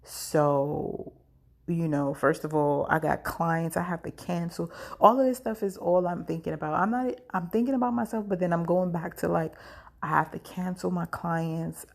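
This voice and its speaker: A woman's voice: lowish voice, fairly even intonation, moderate pace, vocal fry, darkish tone. A woman telling her own story in a chatty, scattered way, acting out what others said, while she is in pain. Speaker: podcast host. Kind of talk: casual storytelling.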